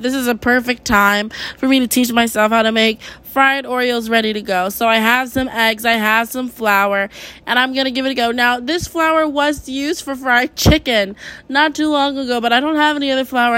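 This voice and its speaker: Young woman, podcast host, a bit higher-pitched, venting at home with rambling, profane, emotional talk. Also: a bit bright. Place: at home in her kitchen.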